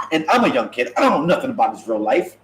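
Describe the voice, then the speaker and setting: A man's voice: medium pitch, big pitch swings, fast, fairly bright tone, echoey room, slight background noise, rough recording. A man telling funny stories in a casual talk show, joking and acting out the voices of people he quotes. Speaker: podcast host. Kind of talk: casual comedic storytelling.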